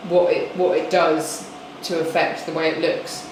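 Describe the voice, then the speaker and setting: A former design student chats casually in an interview, rambling a little and leaning on fillers. The voice rings in a very reverberant room. A steady air-conditioning hum sits clearly underneath. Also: medium pitch, a little slow. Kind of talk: interview answer. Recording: very echoey room with background hum.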